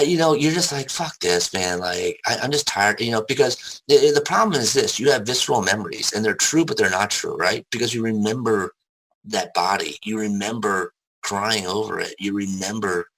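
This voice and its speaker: Low gravelly man telling hard stories. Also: a bit bright, poor audio. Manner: frank, swears casually, many fillers and restarts. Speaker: interview guest. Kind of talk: candid personal storytelling.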